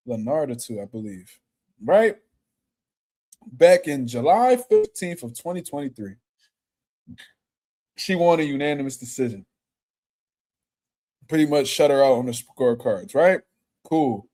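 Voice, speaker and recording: Casual male reaction host, slangy and animated, slightly higher voice. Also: a little slow, pauses often. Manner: slangy, animated, laughs loudly. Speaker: boxing commentator.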